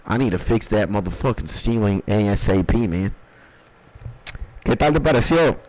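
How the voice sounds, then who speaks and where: A young man livestreaming from his dark bedroom, chatting casually and profanely in a rambling, jokey way as he reviews listeners' beats. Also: mid-range voice, low-quality recording. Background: faint music.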